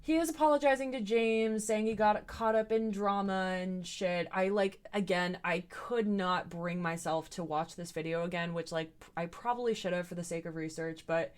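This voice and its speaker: A woman's voice: fairly low pitch, normal speed, few pauses, smooth. A young adult woman hosting a commentary video, recapping online drama in a blunt, opinionated way and swearing freely.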